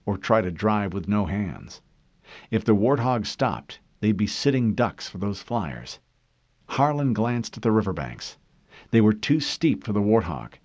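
Low-voiced male audiobook narrator. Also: dry recording, highs cut off. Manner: measured, dramatic storytelling. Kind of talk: scripted narration.

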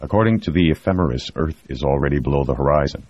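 A man's voice: very deep voice, lively intonation, fast, a little mellow, dull audio. A man reading an audiobook, voicing a wry, easygoing astronaut and former pilot with a laconic way of talking.

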